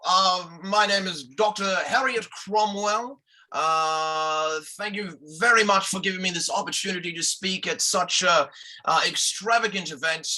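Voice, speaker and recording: A man's voice: sits high, measured pace, sharp tone, full character voice, rough recording. A man voicing a proper female doctor giving a formal speech at an event, with hesitant fillers.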